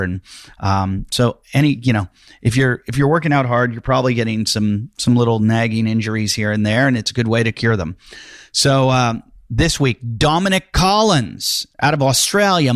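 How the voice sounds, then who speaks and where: A man's voice: fairly low pitch, no room sound. Rambling male podcast host, dry mic. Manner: rambling, lots of fillers and self-mocking asides. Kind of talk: casual podcast intro and chat.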